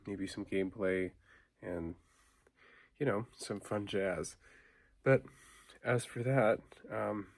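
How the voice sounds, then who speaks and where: A man's voice: sits low, no echo. A man vlogging late at night, talking in a loose, rambling and reflective way, full of fillers and restarts. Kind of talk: late-night casual talk.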